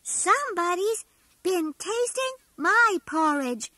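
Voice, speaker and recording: A woman voicing a little baby bear boy with a squeaky, tiny voice. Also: sing-song, slow pace, bright, forceful tone, no room sound, full character voice. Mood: whiny.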